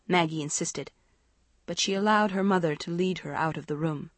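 A woman narrating a story in a measured, expressive reading. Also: on the low side, no room sound. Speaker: audiobook narrator. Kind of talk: scripted narration.

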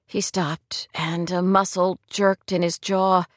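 A woman reading a novel aloud in a gentle, measured style at a middle pitch. The recording is dry and close, with no room sound. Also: steady tone, no echo. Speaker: audiobook narrator. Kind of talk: scripted narration.

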